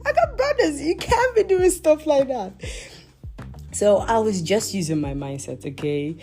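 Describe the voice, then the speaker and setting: A young woman hosts a confession podcast. She speaks in a fairly high, mellow voice that leaps all over in pitch as she scolds herself mid-story, and soft music plays under her. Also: unhurried. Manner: animated, self-talking, laughing asides. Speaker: podcast host.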